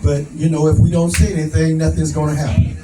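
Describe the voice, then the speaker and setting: A man's voice: on the high side, flat delivery, quick pace, music in the background. Folksy, rousing man speaking in an echoey hall. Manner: rousing, folksy, laughs at his own jokes. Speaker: advocate speaker. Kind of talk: preacher-like speech at a prayer breakfast. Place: event hall. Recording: echoey room from a distance, noisy.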